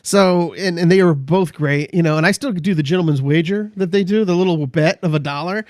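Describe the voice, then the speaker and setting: Middle-aged male co-host, halting, restart-heavy delivery, high voice. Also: darkish tone, dry recording, studio quality. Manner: halting, many restarts, acts out movie lines. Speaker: podcast co-host. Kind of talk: casual chat about movies.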